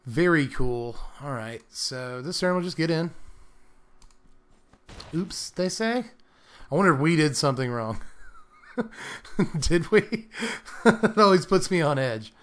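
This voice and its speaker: A man's voice: a little high, lively intonation, takes it slowly, pauses often, a bit bright. Playful young man commenting on a card game. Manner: playful, laughs often, slips into mock British accent. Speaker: gameplay commentator.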